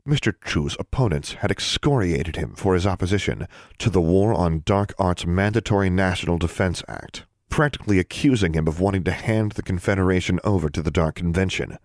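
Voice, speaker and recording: In clean studio sound with no echo, a deep-voiced man narrates an audiobook. His storytelling is steady and measured.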